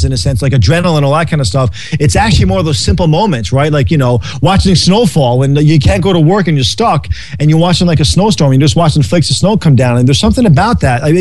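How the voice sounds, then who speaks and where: A man's voice: fairly high pitch, a little mellow, no room sound. A man casually riffing on life and happiness, rambling and swearing freely, laughing often. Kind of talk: casual philosophical chat.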